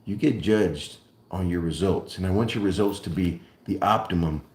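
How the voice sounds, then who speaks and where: A man hosting a live stream, speaking emphatically and deliberately, repeating key points like a lecturer. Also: sits low, darkish tone, roomy sound. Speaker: host. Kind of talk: live-stream monologue on precious metals.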